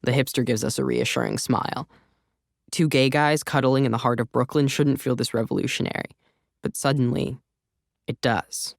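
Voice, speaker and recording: A man's voice: medium pitch, gravelly, no room sound, studio quality. A man narrating a first-person audiobook in a wry, conversational voice. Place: recording studio.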